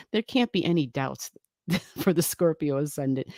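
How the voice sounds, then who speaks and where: A woman's voice: low-pitched, takes it slowly, long pauses, warm tone, no echo, studio quality. A woman hosting an astrology livestream, chatting casually and rambling as she greets viewers and reads comments, laughing often and swearing lightly. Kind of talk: casual live-stream chat reading viewer comments.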